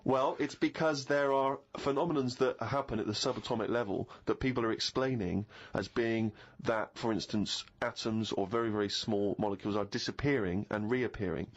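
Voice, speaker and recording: A man's voice: fairly low pitch, fairly quick, few pauses. Wry, articulate man telling anecdotes. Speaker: radio comedy co-host. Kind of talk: conversational storytelling. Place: radio studio. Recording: dull lo-fi radio recording.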